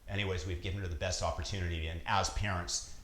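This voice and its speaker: Dad vlogging, fairly low voice, earnest and emphatic, roomy echo. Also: male voice, steady tone, quick pace, fairly bright tone, slight background noise. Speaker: father and vlogger. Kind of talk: motivational talk to camera.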